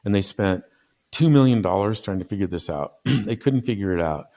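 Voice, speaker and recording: Middle-aged guy on a podcast, lowish voice, earnest, keeps restarting his sentences. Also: animated, moderate pace, warm tone. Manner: earnest, frequent restarts and fillers. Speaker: podcast guest, CEO and consultant. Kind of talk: conversational storytelling.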